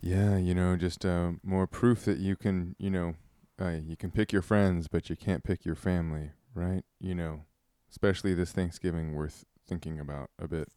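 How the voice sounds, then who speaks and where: Smooth deep-voiced male co-host. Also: fairly even intonation, moderate pace, few pauses, warm tone, no echo, studio quality. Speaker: radio co-host. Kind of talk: casual radio banter. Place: radio studio.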